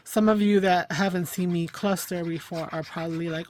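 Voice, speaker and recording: A woman hosts a casual crafting livestream. She thinks aloud as she works, fills pauses with ums and you-knows, and laughs at herself. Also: lowish voice, fairly even intonation, a little mellow. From New York, USA. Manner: chatty, thinks aloud while working, frequent fillers; self-deprecating, laughs at herself. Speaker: craft channel host.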